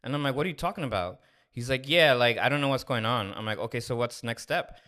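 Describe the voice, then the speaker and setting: Speaking quickly at a medium pitch, this thirty-something podcast co-host shares a frank story from his own life. He performs each line of dialogue with lively energy, keeping it casual.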